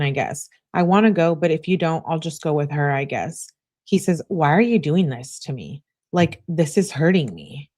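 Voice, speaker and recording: A young woman reading out text messages aloud, adding quick asides of her own. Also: sits low, a little mellow. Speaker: true crime commentator.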